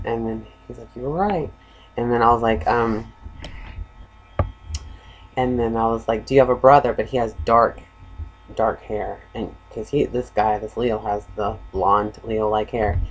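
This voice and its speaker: Guy rambling thru a story on his vlog, mid-pitched voice, jumps loud then quiet. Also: creaky, slight background noise, poor audio. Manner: meandering, animated, quick swings between loud and soft. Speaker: self-styled psychic vlogger.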